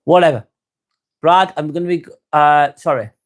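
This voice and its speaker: A man with an East Lancashire accent hosting a live stream, chatting calmly with viewers, reading their comments and calling them mate as he winds down. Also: a little high. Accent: East Lancashire English. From North West England. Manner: calm, unhurried, winding down, calls people mate.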